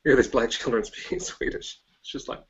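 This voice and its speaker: A man's voice: medium pitch, steady tone, brisk, highs cut off, a crowd in the background. A man hosting a podcast interview, mostly giving brief reactions. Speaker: podcast host.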